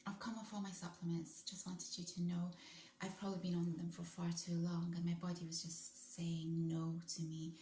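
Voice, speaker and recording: A woman's voice: on the low side, completely flat delivery, normal speed, warm tone, echoey room, slight background noise. A woman vlogging in casual, enthusiastic chat, rambling a little as she goes. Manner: chatty, enthusiastic, rambling with restarts.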